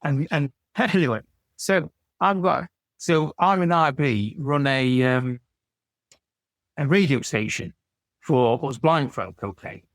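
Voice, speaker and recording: A man's voice: medium pitch, lively intonation, slow pace, a bit bright, no room sound. A man, a podcast guest telling rambling anecdotes with frequent stammered restarts. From England. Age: 60s. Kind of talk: casual storytelling chat.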